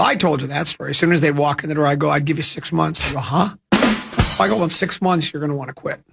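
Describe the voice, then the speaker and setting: Gravelly older man rambling on radio. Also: on the high side, a bit bright. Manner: rambling, with many restarts and self-amused asides. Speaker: radio show host. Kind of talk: casual radio chat and storytelling.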